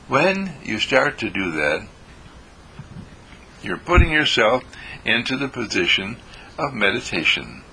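An older man leading a guided meditation, speaking slowly and soothingly with deep audible sighs and breaths. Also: very animated, bright, forceful tone, a little hiss or hum, poor audio. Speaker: meditation teacher.

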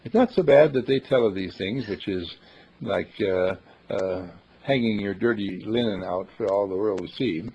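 A man's voice: fairly low pitch, moderate pace, mellow, slightly rough. A man, a university dean, telling a folksy, dramatic story as a thought for the day, on a dull lo-fi recording. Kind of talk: storytelling talk.

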